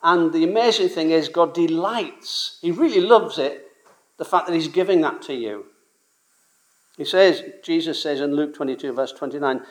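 A man's voice: fairly high pitch, normal speed. A man preaching a sermon, earnest and emphatic, stressing and repeating key words as he quotes scripture.

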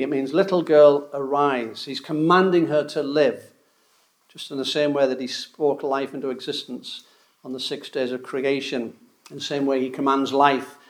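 A man preaching in a church hall, earnest and explanatory, often doubling a word as he restarts. His voice sits fairly high for a man, and the room gives it a roomy echo. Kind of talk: sermon.

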